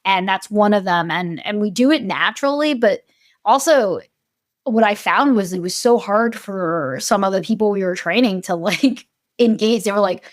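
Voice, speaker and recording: A woman's voice: medium pitch, moderate pace, dry recording, clean studio sound. A woman researcher talking animatedly as a podcast guest, often acting out the voices she quotes. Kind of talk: conversational podcast interview.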